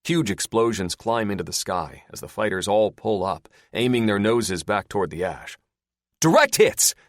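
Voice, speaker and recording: A man's voice: on the low side, normal speed, no echo, clean studio sound. A man narrating an action-heavy audiobook in a dramatic, scripted style.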